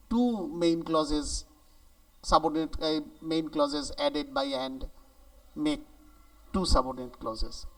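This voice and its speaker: A male grammar teacher, explaining sentence structures slowly and deliberately, stressing key words. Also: high-pitched, vocal fry. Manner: slow and deliberate, lively emphasis on key words. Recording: voice a bit distant from the mic.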